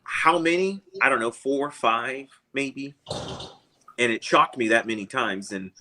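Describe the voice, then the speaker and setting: A man's voice: medium pitch, a little slow, sharp tone, rough recording. Chuckling man telling a rambling story. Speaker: guest. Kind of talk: casual storytelling.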